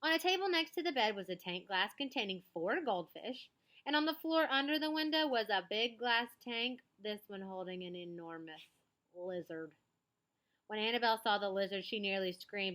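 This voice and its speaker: A woman reading a children's chapter book aloud, pausing to describe the pictures in an animated way. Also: mid-range voice. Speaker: storybook reader.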